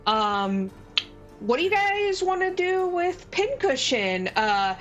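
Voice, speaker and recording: A woman's voice: extremely high pitch, very animated, takes it slowly, lo-fi sound. A woman game master narrating a tabletop game, hesitant and full of fillers. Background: faint background music.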